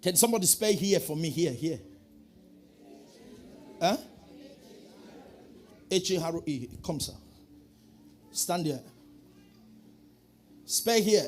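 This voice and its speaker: A man preaching a sermon, calling out to the congregation and swinging from quiet asides to shouting. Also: fairly high pitch, lively intonation, takes it slowly, long pauses, slight background noise. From Nigeria. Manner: preaching with call-and-response, swinging from soft to shouting. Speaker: pastor.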